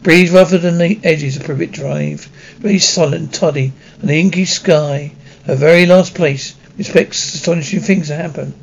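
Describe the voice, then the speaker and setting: A man reading a children's novel aloud as an amateur audiobook, halting, with frequent slips and restarts. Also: fairly high pitch, gravelly, breathy edge. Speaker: audiobook reader. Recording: dull lo-fi recording.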